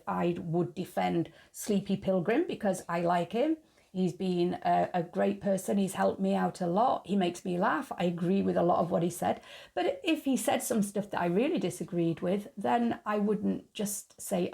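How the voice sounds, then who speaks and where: Blunt, chatty woman host, mid pitch with a gravelly edge. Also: normal speed, warm tone. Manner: frank, chatty, laughs at her own jokes. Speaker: YouTube channel host. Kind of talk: casual opinion monologue.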